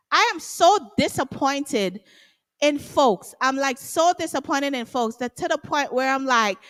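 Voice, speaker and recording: Emphatic high-voiced woman. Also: fairly bright tone. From Guyana. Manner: emphatic, passionate, rhetorical tags like "right?". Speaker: interview guest. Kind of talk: casual interview talk.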